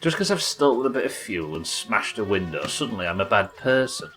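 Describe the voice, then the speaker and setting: A man's voice: lowish voice, very animated, a little fast, fairly bright tone, rough recording. A man streaming a game live, chatting, joking and reading out viewer comments. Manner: chatty, reads chat aloud, jokey. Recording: game music behind.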